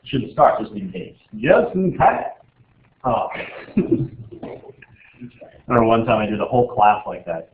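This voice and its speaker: A man's voice: on the low side, normal speed, pauses often. A man teaching a chemistry class in a casual, joking way, rambling with lots of filler words. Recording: echoey room over a tinny, phone-like line.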